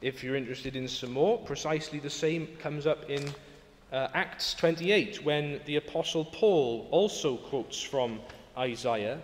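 A man preaching in an echoey church, his voice ringing out with a long reverb tail. He sits a little high for a man and speaks earnestly, pressing his points with strong emphasis. At moments he builds up to bright exclamations. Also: a little slow. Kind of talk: sermon.

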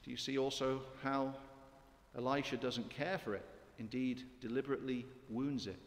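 A man's voice: medium pitch, steady tone, normal speed, long reverb tail. A man preaching a sermon in a church, emphatic and full of rhetorical questions to his congregation.

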